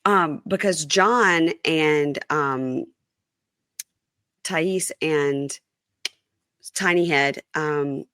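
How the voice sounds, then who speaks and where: A woman's voice: deep voice, very slow, pauses often, a bit bright, clear, resonant tone, no echo, studio quality. A woman hosting a casual reality TV podcast, reading an ad and chatting playfully to listeners. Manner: chatty, playful, addresses listeners as "you guys". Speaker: podcast host. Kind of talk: casual reality TV podcast chat and host-read ad.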